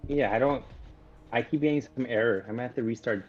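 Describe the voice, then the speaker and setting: A man's voice: medium pitch, fast talker, soft background music. A man co-casting a game stream over a voice call, chatting in an easygoing way. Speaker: esports co-caster. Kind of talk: casual stream chat. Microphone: remote voice call. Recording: dull lo-fi call audio.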